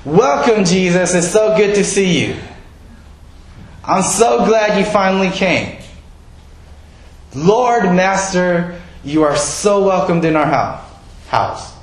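A man preaching voices Martha, a gushing and then reproachful woman, in a high, emphatic voice. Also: slow pace, pauses often, echoey room, low-quality recording. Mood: gushing welcome.

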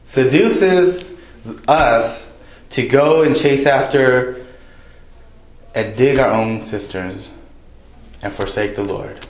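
A man delivers a sermon in a loose, conversational manner, pausing often with ums and uhs. His voice sits at an ordinary middle pitch. The room around him rings with echo. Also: steady tone. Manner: casual, conversational preaching with many fillers. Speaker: preacher. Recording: echoey room.

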